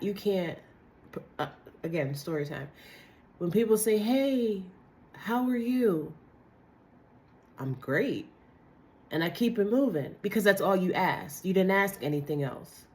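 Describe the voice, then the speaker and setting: Raspy, hoarse woman, low-ish voice, casual blunt tarot reader talking to her viewers. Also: a little mellow. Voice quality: dry, raspy voice. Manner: blunt, chatty, slangy. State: hoarse from a cold. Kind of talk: casual tarot reading to camera.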